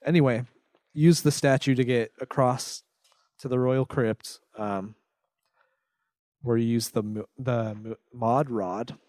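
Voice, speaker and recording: A man's voice: medium pitch, steady tone, takes it slowly, a little mellow, dry recording. A man co-hosting a game review podcast, walking through the plot with dry sarcasm. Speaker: podcast co-host. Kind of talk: casual game review chat.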